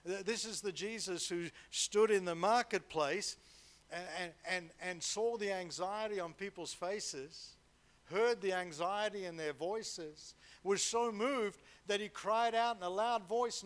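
A man's voice: high-pitched, unhurried. A man preaching a sermon in a conversational way, repeating words and checking in with 'right?'.

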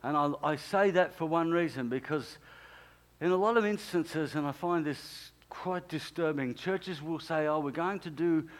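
A man's voice: a little high, unhurried. A man, preaching a sermon as a pastor and telling a story with emphatic, repeated key phrases.

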